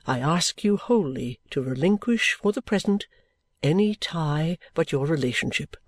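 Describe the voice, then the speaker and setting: A man reading the part of a kindly older male guardian in an audiobook, speaking in a cordial, measured, fatherly way. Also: a little high, expressive, dry recording, pitched below the performer's own voice. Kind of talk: audiobook reading of a classic novel.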